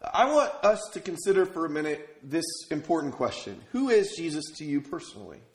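Minnesota guy giving a sermon, kinda high voice, chatty storytelling, roomy echo. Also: sing-song, fairly quick. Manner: conversational storytelling, rhetorical questions. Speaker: pastor. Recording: echoey room.

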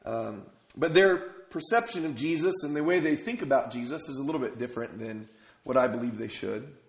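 A man's voice: mid-range voice, expressive, a little fast. A man from Minnesota preaching a sermon as pastor, telling stories conversationally and asking the congregation rhetorical questions. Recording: echoey room.

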